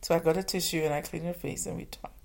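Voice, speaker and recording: A mother telling a personal story, often halting and restarting, with hushed asides. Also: on the low side, steady tone, creaky.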